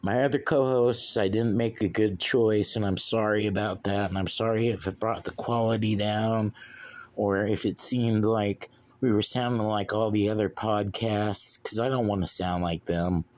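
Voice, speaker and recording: Solo podcast host, man, low-pitched, profane and laid-back rambler. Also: steady tone, normal speed. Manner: profane, blunt, drinking beer while talking.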